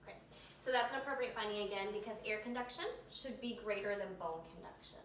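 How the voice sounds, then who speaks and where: A woman's voice: medium pitch, quick pace, fairly bright tone. Woman narrating an exam, echoey and distant. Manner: methodical, talks through each step with fillers. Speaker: clinician demonstrating a physical exam. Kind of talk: narrated step-by-step clinical demonstration. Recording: echoey room, distant mic, faint hum.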